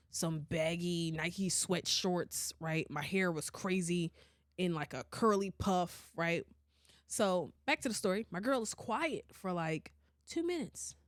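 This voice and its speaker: A woman hosting a podcast, telling a story in casual chat, animated and often laughing and swearing. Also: lowish voice, dry recording, studio quality. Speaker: podcast host.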